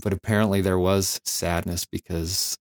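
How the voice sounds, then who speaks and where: A man, a firefighter and flight nurse, telling candid stories in an interview, reflective and halting with many fillers. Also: sits low, little pitch movement, no room sound.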